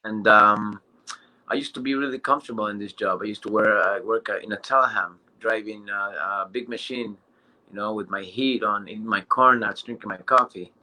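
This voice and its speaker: A man's voice: on the low side, normal speed, bright, forceful tone. A man with a Spanish accent, telling his story on a group video call, rambling with many fillers and restarts. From Quebec, Canada. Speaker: new business member. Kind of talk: casual testimonial on a group call.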